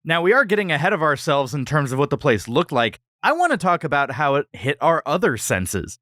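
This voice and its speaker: Playful higher-voiced man co-hosting a podcast. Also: fairly quick, no room sound, studio quality. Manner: playful, animated storytelling with jokes. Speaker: podcast co-host. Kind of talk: casual chat.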